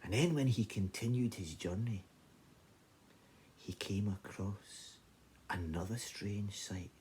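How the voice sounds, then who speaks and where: A Scottish man telling an old folk tale in a lively, conversational way. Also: lowish voice, slow, a little hiss or hum. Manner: animated, conversational narration. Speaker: storyteller. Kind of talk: oral folk-tale storytelling.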